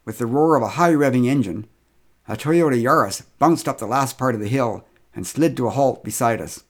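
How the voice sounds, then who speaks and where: A man's voice: medium pitch, fairly quick. A middle-aged man telling a humorous first-person story with wry, dry humor.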